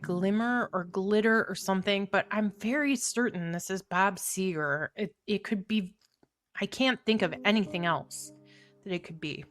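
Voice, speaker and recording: A middle-aged woman thinking aloud as she works through a crossword puzzle, musing and questioning herself and often laughing. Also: medium pitch. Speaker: crossword solver.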